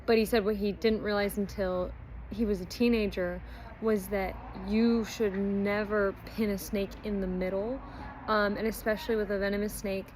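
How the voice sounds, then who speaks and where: A woman's voice: mid-range voice, little pitch movement, moderate pace, a little mellow, a little hiss or hum, rough recording. Chatty woman reviewing a book. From not Australian. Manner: chatty retelling with frequent ums and likes. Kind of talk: casual book review chat.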